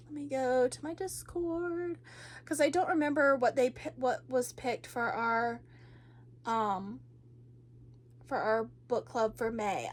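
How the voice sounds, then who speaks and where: A woman with a high voice chats about books at an unhurried pace. She rambles, restarts her sentences and fills them with "like" and "um". Her talk is loose and emotional, broken by sighs and laughs. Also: a bit bright. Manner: chatty and rambling, with many fillers and restarts. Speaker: book vlogger. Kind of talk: casual chat about books.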